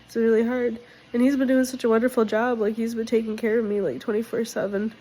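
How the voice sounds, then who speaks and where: A woman's voice: on the high side, level tone, fast talker, warm tone, low-quality recording. A young woman vlogging casually about her life, candid and direct, emotional and sick with a cold. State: sick, congested. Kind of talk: casual personal vlog.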